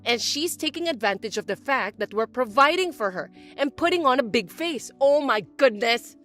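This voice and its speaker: A woman's voice: high-pitched, animated, normal speed, a bit bright, soft background music. A woman voicing an overbearing older mother-in-law who nags, accuses and pities herself. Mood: indignant. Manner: accusing, nagging, self-pitying. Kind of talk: audio drama acting.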